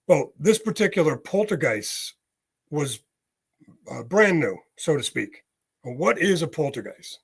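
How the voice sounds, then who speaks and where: A man's voice: a little high, expressive, measured pace, creaky, pauses often. Man explaining with folksy examples. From United States. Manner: explains with homely examples, frequent "right?". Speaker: guest, medium. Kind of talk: casual interview talk.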